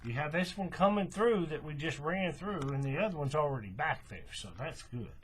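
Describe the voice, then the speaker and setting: A man with a fairly high, husky voice walks through a hands-on craft demonstration. He talks in a loose, conversational way, often checking in with the viewer and restarting his sentences. His pitch swings a lot as he explains. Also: lively intonation, normal speed. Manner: chatty, repeats "right?" and "okay", restarts and self-corrections. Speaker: paracord bracelet instructor. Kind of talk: casual how-to demonstration.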